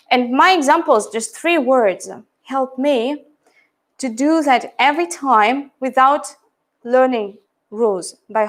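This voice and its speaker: Slow-spoken woman explaining phonetics. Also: high voice, fairly bright tone. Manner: explanatory, checks in with "yeah?" and "right?". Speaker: English teacher. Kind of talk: explaining teaching methods.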